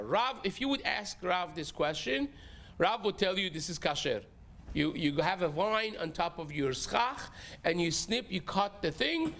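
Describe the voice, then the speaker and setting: A man teaching a Talmud lesson as a rabbi, his voice pitched high. He explains each step with lively swings in tone and mixes Hebrew and Aramaic terms into the talk. Now and then he clears his throat.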